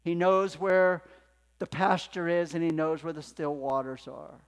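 A male pastor delivers a sermon with emphatic preaching, dropping to a hush and then rising to loud passages. His voice sits somewhat high for a man. The sound carries a long hall reverb from the church sanctuary. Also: measured pace, clear, resonant tone.

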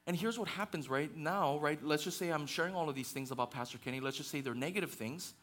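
A man's voice: a little high, quick pace. A man preaching a sermon as pastor, passionate and conversational, with fillers and restarts, building to intense peaks. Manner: passionate, rising to near-shouting intensity.

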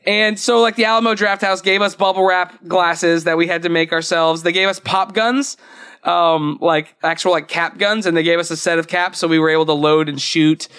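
High-voiced chatty young man. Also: steady tone, moderate pace, a bit bright, clean tone. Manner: chatty, rambling, laughs often. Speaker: podcast co-host. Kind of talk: casual chat.

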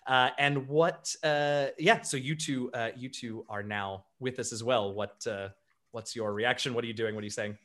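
A man's voice: medium pitch, normal speed, fairly bright tone. A man narrating as game master, chatty, with fillers and restarts.

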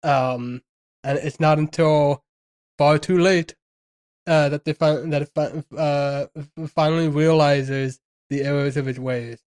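A man co-hosting a casual podcast, his voice sitting a little high. He rambles, restarting sentences and leaning on fillers as he works through his thoughts. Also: fairly even intonation, measured pace, darkish tone. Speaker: podcast co-host. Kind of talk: casual film discussion.

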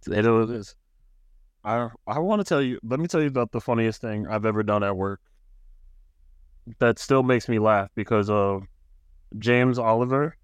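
A man's voice: fairly low pitch, smooth, no echo. A man co-hosting a casual podcast who laughs a lot and tells loose stories from work. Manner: laughs often, quick reactions, loose storytelling. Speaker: podcast co-host. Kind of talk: casual chat.

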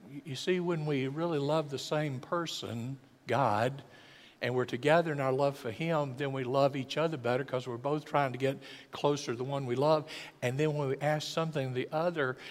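An older man, preaching a folksy sermon that swells from quiet to loud and acts out voices. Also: medium pitch, steady tone, normal speed. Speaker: pastor. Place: church sanctuary. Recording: long church hall reverb.

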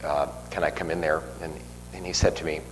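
A man's voice: a bass voice, little pitch movement, a little fast. An older man preaching a homily, telling a rambling personal story with frequent restarts and fillers. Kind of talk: sermon. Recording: long reverb, faint noise.

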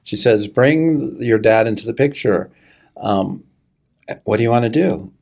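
A middle-aged man telling a personal story in an earnest, halting way, choking up as he goes. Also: mid-range voice, lively intonation, creaky, a little mellow. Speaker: guest sharing a personal story. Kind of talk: conversational testimony.

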